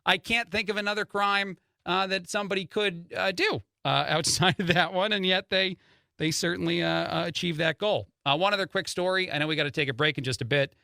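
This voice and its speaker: A man's voice: sits high, a little fast, vocal fry, sharp tone, no room sound, studio quality. A man filling in as a talk radio host, giving opinionated commentary with lots of "uh" fillers and chuckles at the stories.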